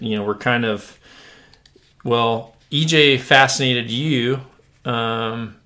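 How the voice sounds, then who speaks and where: A man hosting a casual podcast, talking in a relaxed, rambling way with many fillers and restarts. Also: medium pitch. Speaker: podcast host. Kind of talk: casual chat.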